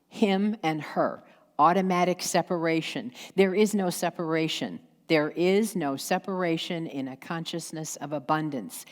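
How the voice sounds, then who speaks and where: Slow-preaching woman pastor in echoing hall. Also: on the low side. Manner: slow, emphatic preaching with pauses and acted asides. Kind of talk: sermon. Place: church sanctuary. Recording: long hall reverb.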